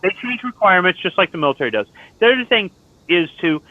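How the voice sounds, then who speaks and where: A middle-aged Marine veteran tells stories in an online lobby, his voice sitting high with big pitch swings and a quick pace. The chat is blunt and profane, and the tinny, phone-like voice chat carries no echo.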